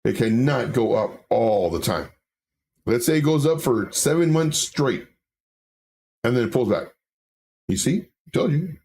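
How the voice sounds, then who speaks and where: With lively intonation and a darkish mid-range voice, this man speaks at a measured pace and pauses often. He's hosting a casual livestream where he reads viewer chat aloud, talks through charts, and tends to repeat himself.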